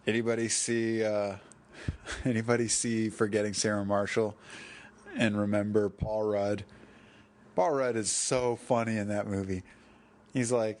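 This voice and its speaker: A man's voice: on the low side, little pitch movement, unhurried, pauses often, a little mellow. A man hosting a solo podcast, talking in a rambling, digressive way, correcting himself and drifting off topic. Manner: digressive, self-correcting, chuckling asides. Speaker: podcast host.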